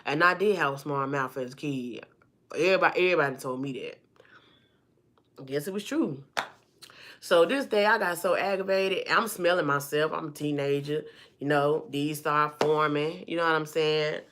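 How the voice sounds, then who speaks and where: A woman vlogger telling a personal story to her viewers in a lively, chatty way, calling them y'all and honey and acting out the people in it. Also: deep voice, moderate pace. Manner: acts out the people in her stories.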